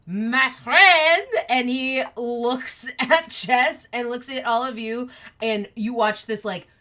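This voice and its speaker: Lady running a tabletop game, bright voice, takes it slow, lots of ums. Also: a little high. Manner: relaxed, many fillers. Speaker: game master.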